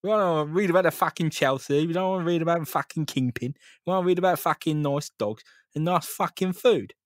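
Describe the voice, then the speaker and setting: A man's voice: on the high side, quick pace, no room sound, clean studio sound, close to an everyday voice. A man voicing a foul-mouthed male crime boss who is blunt and mock-friendly. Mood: menacing.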